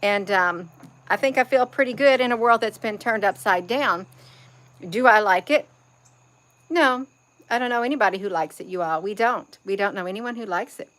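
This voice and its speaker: Lady vlogging, rambly and repeating herself, calling everyone you all, middle pitch. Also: moderate pace, fairly bright tone. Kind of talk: casual spiritual monologue.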